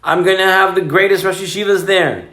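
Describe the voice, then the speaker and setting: A man's voice: sits high, a little fast, fairly bright tone. A man voicing an ambitious, boastful second son describing what he will build. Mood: enthusiastic. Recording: roomy echo.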